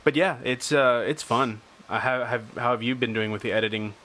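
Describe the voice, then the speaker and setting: A man's voice: medium pitch, steady tone, normal speed, a bit bright. A young man hosting a casual podcast chat, rambling, swearing a lot and laughing often. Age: young adult. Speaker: podcast host. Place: small home room. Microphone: headphones and desk mic.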